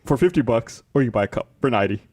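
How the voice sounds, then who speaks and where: Wisecracking man with a lively voice. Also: mid-range voice, rapid-fire. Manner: incredulous, wisecracking. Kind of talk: casual podcast banter. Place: podcast studio.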